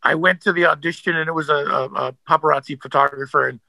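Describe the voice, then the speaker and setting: A man's voice: on the high side, steady tone, fast, gravelly, pushed and bright, no room sound, rough recording. A man, an actor, telling stories as a guest in a casual interview, rambling with many fillers and restarts.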